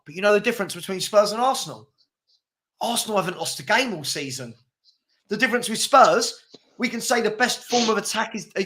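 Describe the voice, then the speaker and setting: Forceful, insistent man debating. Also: sits high. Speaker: host. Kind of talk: heated football debate.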